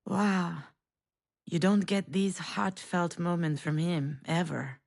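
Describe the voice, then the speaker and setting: A woman's voice: fairly low pitch, slow pace, vocal fry, a little mellow. Woman playing a game and reading it aloud.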